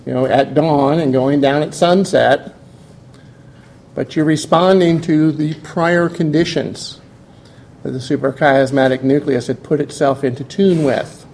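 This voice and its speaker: A man's voice: a little high, darkish tone. A man giving a classroom lecture, explaining step by step and putting questions to his students.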